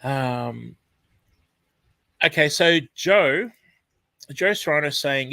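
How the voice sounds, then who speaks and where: Bright-voiced chatty Australian man. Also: medium pitch, a little slow, pauses often, dry recording. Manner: chatty, rambling, lots of ums and self-corrections. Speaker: live stream host. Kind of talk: casual live chat reading out viewers.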